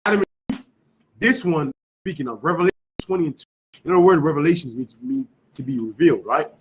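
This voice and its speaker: Guy leading a bible class, kinda high voice, keeps asking the room "what?" and pushing them to answer. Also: fast, slight background noise, rough recording. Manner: quizzing students with repeated questions, emphatic; peppers talk with "you know what I'm saying". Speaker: scripture class teacher. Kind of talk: call-and-response Bible class.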